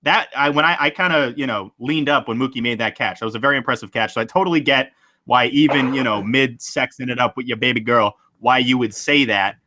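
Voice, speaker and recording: A man hosts a podcast, reading listener stories in a loose, rambling chat full of fillers, and he laughs easily. His voice is medium-pitched, brisk, pushed and bright.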